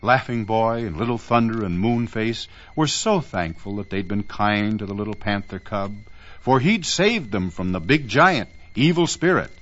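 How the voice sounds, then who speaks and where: Male narrator for a children's story, lively melodic reading, gentle asides, dull lo-fi old recording. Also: on the low side, normal speed.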